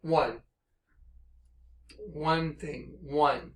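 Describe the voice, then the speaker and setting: A man giving an impassioned religious monologue, intense and excitable, reading scripture slowly and emphatically, then telling his story at a rush. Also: sits high, roomy sound. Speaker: religious speaker.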